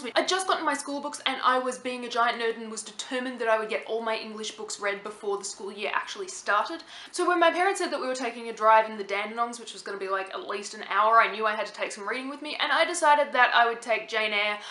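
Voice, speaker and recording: An Australian woman in her thirties, chatting fast and casually to her camera with plenty of "like". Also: on the high side, pushed and bright, reverberant. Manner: fast-talking, chatty, lots of "like". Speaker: vlogger.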